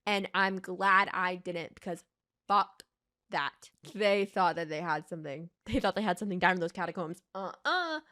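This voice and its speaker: A woman's voice: on the low side, animated, normal speed, sharp tone. A young woman hosting a reaction video, ranting in a heated, profane way and addressing the character directly, worked up and sweating. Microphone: desk microphone.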